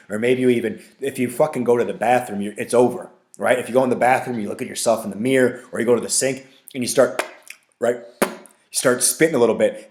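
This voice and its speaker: A man with a fairly low, darkish voice hosts his own podcast solo. He rants bluntly and profanely, leaning heavily on fillers and tag questions like "right?" in a casual way.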